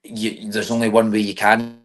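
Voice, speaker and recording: A young Scottish MMA fighter with a Scottish accent chats in a casual interview, constantly saying "mate" and "you know what I mean." His male voice is fairly low and a bit bright, with little pitch movement, at a normal speed.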